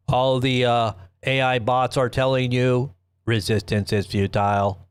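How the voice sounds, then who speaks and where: A man hosts a casual live news stream, rambling, joking and repeatedly cutting himself off. His voice is mid-range and steady, a little slow, with a clean tone. The sound is dry and close, with no room sound.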